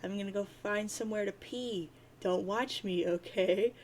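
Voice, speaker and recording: A woman voicing a sarcastic, cocky teenage boy who rambles in crude deadpan rants as she reads a webcomic aloud. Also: medium pitch, normal speed, a little hiss or hum, natural voice.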